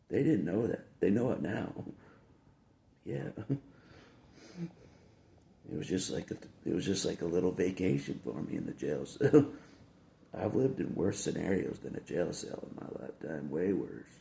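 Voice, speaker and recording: A deep, warm male voice with vocal fry belongs to a video blogger talking casually to the camera. He rambles and repeats himself, chuckling between phrases, in an echoey room with a faint background hum.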